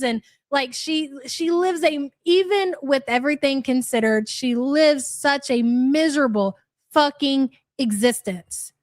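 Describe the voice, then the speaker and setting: A woman's voice: high-pitched, no room sound, clean studio sound. A young woman hosting a live reaction stream, blunt, sarcastic and profane as she comments and greets viewers. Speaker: streamer host.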